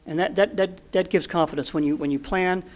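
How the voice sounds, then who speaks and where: Man in his sixties, podcast guest, slightly high voice, earnest animated storyteller. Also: fairly quick. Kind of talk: storytelling in an interview.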